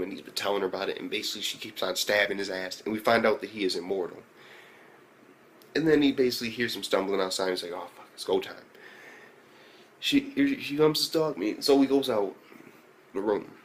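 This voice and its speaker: A low-voiced man retelling an episode in a loose, rambling way. He swears freely and leans hard on fillers. Quiet hiss sits faintly under his voice. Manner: profane, loose storytelling full of fillers; jumps to excited high-pitched reactions. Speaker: anime reviewer. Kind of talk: casual episode review.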